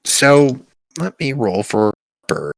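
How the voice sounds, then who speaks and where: A man's voice: mid-range voice, big pitch swings, slow pace, creaky, no room sound. A man narrating as dungeon master for a tabletop game, rambling and playful as he describes the scene. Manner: loose, rambling narration with playful quoted voices.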